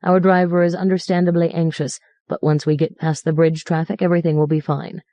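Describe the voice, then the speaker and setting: A woman reading as a buttoned-up father holding on to his manners with clipped, strained courtesy. The voice is low, soft-toned and dry, set close to the mic. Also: flat delivery, a little fast, no echo, close to an everyday voice. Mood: restrained politeness. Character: stiff, formal middle-aged father.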